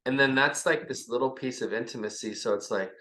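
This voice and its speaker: A man's voice: medium pitch, fairly quick, bright, forceful tone. A man as a podcast guest, talking loosely and rambling, acting out little bits of dialogue between himself and his partner. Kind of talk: casual conversation. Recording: echoey room.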